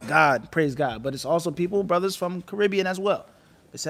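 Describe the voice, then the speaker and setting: A man giving an animated religious lecture and firing rhetorical questions at his listeners. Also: high voice, a little fast. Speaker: Islamic teacher.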